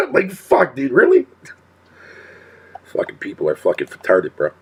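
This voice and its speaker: A man's voice: mid-range voice, wildly swooping pitch, slow pace, fairly bright tone, slightly rough. A male streamer talking casually to his chat in a profane rant, swearing constantly and laughing often.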